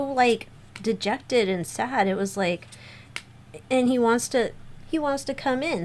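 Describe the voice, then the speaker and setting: A woman's voice: mid-range voice, slight background noise. A woman giving a casual spoken tarot reading, rambling with lots of fillers and restarts. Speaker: tarot reader.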